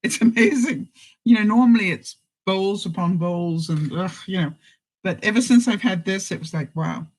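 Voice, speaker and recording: A woman's voice: medium pitch, normal speed, a little mellow, low-quality recording. A woman chats to her viewers in a loose, homey way. She speaks bluntly and breaks into laughter often. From Canada. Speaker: vlogger. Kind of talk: casual live chat to viewers.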